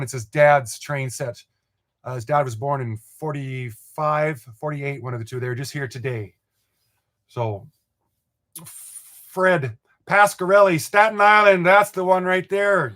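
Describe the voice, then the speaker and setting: A man's voice: fairly high pitch, a bit bright. An older man from Montana hosting a live model train stream, chatting in a rambling, folksy way and chuckling as he reads viewer comments. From Montana, USA.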